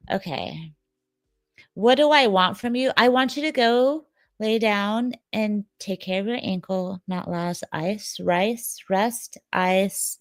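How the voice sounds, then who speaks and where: A woman's voice: on the high side, expressive, slow pace, gravelly, dry recording. A sleepy woman, hosting a livestream and chatting casually with viewers, rambling and joking. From Detroit, Michigan, USA. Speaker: livestream host.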